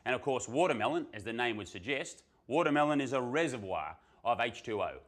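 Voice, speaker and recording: A man's voice: mid-range voice, animated, brisk, a bit bright. A man hosting a health show, presenting a countdown of tips in a chatty, upbeat way. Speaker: host. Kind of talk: casual presenting.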